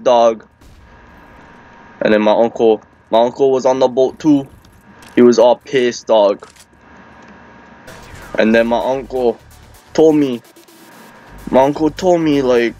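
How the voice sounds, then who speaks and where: A man's voice: mid-range voice, unhurried, long pauses, darkish tone, muffled recording. A man with a Hawaiian Pidgin accent telling a rambling comic tall tale, acting out the people in it. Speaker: storyteller. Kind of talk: comic storytelling.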